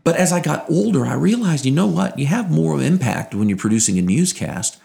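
A man being interviewed, a former television news producer now in radio, telling lively anecdotes and acting out the dialogue he quotes. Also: fairly high pitch, a little fast, vocal fry. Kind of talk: casual interview storytelling.

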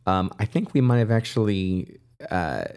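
Man, podcast co-host, low voice, loose rambling jokey chat. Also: expressive, moderate pace, a little mellow, smooth.

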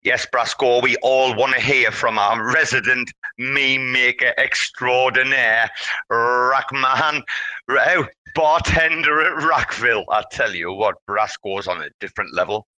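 A man's voice: mid-range voice, a little slow, no echo, poor audio. Hyped-up man hosting an audio room. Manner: animated, rambling, hypes up the community. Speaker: host. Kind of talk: casual chat in a live audio room.

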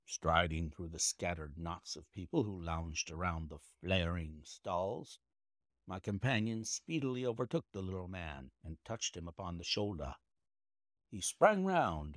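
Slow, expressive male storyteller. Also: deep voice, no echo, studio quality. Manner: measured, expressive reading. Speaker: audiobook narrator. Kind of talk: audiobook narration of classic fiction.

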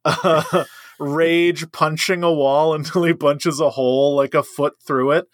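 A man's voice: a little high, steady tone, unhurried, no echo, clean studio sound. A man co-hosting a casual movie review chat, enthusiastic and emphatic, laughing often. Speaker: podcast co-host.

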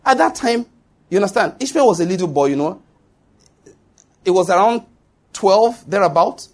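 A man's voice: high voice, expressive, normal speed. A middle-aged Nigerian man, a pastor preaching a sermon with emphasis and quizzing his congregation. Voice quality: husky.

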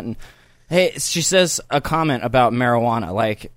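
A man's voice: medium pitch, moderate pace, dry recording. Casual rambling male podcast host. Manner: rambling, laughing, swearing. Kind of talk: casual chat. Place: home studio.

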